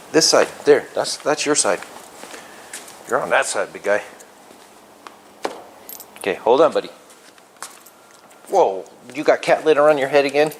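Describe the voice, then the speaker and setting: A man's voice: medium pitch, expressive, moderate pace, long pauses, a little hiss or hum. A man chatting playfully to a feral cat in his workshop, with doting baby-talk. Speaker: vlogger talking to a feral cat. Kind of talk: casual chat to a pet.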